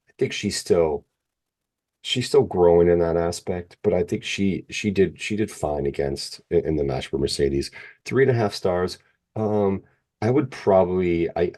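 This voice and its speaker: A middle-aged man co-hosting a podcast, reading out match results and rating them in a halting, plain-spoken way. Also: low-pitched, animated, warm tone. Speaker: podcast co-host. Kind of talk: casual wrestling chat, reading results.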